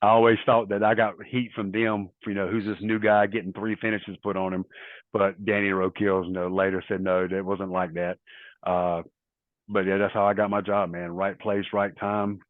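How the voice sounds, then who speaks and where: Middle-aged male guest, lowish voice, anecdotal and rambling, phone-quality audio. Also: little pitch movement, normal speed, dry recording. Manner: rambling anecdotal storytelling with quoted dialogue. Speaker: interview guest, former wrestler. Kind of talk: casual storytelling interview. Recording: tinny phone-like line, dry.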